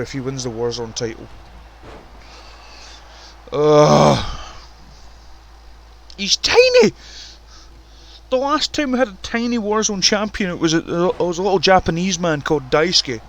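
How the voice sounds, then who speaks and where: A man giving casual, profane, excitable commentary on a wrestling video game and ranting about the roster. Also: fairly high pitch. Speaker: commentator and show runner.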